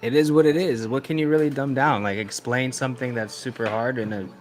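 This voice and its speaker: A man's voice: mid-range voice, steady tone, fairly quick, soft background music. A man on a casual crypto talk show, speaking in a laid-back, blunt way.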